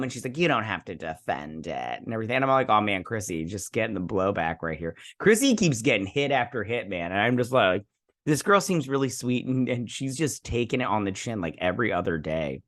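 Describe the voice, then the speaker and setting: The male host has a fairly low pitch with a fairly bright tone. Casually reviewing an episode, he rambles through scene recaps, relying on "she's like" quotes and snarky asides.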